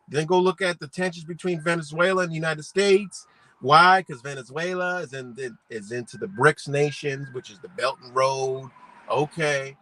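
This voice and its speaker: A man's voice: fairly high pitch, normal speed, fairly bright tone, rough recording. A man hosting a live stream, talking in a rambling, profane, slangy way and firing rhetorical questions at his viewers. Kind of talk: casual live-stream rant.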